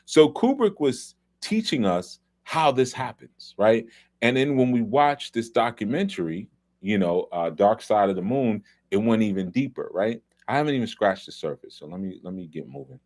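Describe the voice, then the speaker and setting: A man's voice: lowish voice, sing-song, moderate pace, darkish tone. A middle-aged man from New York, hosting a loose, conversational film commentary talk with many asides. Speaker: host.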